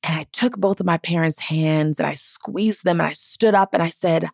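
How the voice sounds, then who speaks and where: A woman in her thirties hosting a podcast, with a notably low, deep voice. She speaks earnestly and with feeling, reflecting on her own story. The sound is close and dry. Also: moderate pace, creaky, no echo. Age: 30s. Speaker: podcast host. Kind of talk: heartfelt personal storytelling.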